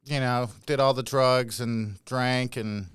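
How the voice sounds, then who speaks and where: Slow, laid-back male podcast guest. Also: mid-range voice, steady tone, background noise. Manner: laid-back, dry humor. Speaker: podcast guest, recovered addict. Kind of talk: casual podcast chat.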